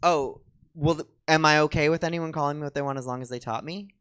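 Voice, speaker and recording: A man's voice: on the high side, fairly even intonation, fast talker, fairly bright tone, clean tone. A man co-hosting a comedy show, rambling in a chatty, self-mocking way as he talks with a theater audience. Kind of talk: rambling stand-up style chat with the audience.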